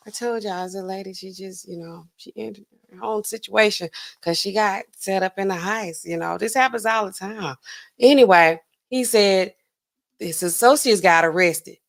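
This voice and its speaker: A woman with a Southern US accent hosting a podcast, telling stories in a slangy, laughing, animated way and acting out other people's voices. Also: mid-range voice. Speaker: podcast host. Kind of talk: casual storytelling commentary.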